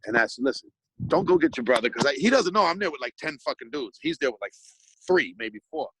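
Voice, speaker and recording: Brief: rambling, profane male storyteller, bright edgy tone, dry close mic. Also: mid-range voice, lively intonation, quick pace, husky, no room sound, low-quality recording. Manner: profane, rambling, restarts a lot. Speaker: hip-hop artist guest. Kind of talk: casual storytelling.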